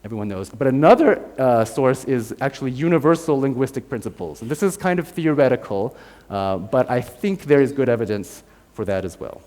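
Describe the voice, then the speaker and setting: A man's voice: medium pitch, expressive, a little fast, darkish tone. American man lecturing in a reverberant hall. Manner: explanatory, demonstrates sounds aloud, often adds "right?". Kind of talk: university lecture.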